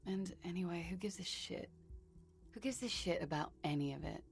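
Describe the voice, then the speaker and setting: A worldly game character with a low, strongly gravelly voice, wry and teasing. Faint music plays beneath her lines. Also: normal speed.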